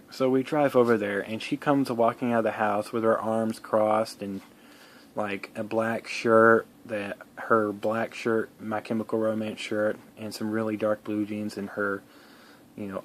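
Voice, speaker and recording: A man's voice: fairly low pitch, level tone, moderate pace, slight background noise. A man telling a personal story in a casual vlog, rambling, with many fillers, restarts and some swearing.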